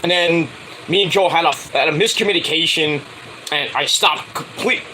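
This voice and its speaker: A man's voice: a little high, moderate pace, pushed and bright, a little hiss or hum, rough recording. A middle-aged man telling a rambling casual story, full of filler words and restarts, acting out the lines he quotes. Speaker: wrestling show reviewer.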